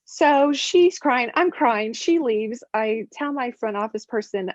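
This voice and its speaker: A woman, a functional medicine practitioner, explaining her work and telling stories in a lively way, acting out the voices of people she quotes. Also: on the high side, slow, few pauses, dry recording. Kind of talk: conversational explanation and storytelling. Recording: dry, dull lo-fi sound.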